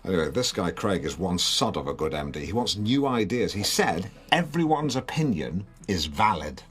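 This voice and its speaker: A man's voice: sits low, very animated, moderate pace, fairly bright tone, soft background music. An actor playing a pompous, awkward middle-aged male local radio DJ with an English accent, rambling and fawning in a comedy radio show. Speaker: radio host.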